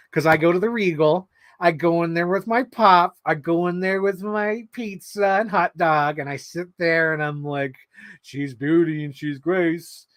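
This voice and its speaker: A man chatting casually while building an action figure, rambling and excitable, swearing freely and acting out quotes. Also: fairly high pitch, no room sound. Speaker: toy unboxing vlogger.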